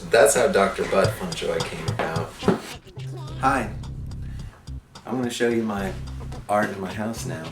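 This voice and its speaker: Playful, campy man, low voice. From Massachusetts, USA. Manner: playful, giggly, campy asides. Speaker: artist and musician interviewee. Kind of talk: candid interview and studio tour. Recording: roomy and distant, music behind.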